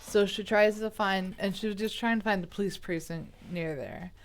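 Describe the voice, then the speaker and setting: A woman's voice: medium pitch, moderate pace. A woman retelling a true crime story in a chatty, rambling way, with asides, self-corrections and indignant remarks. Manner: baffled, indignant.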